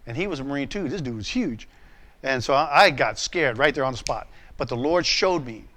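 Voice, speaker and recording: A man's voice: medium pitch, expressive, brisk, pushed and bright. A man preaching a sermon, telling a personal story in a candid, conversational way. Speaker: pastor.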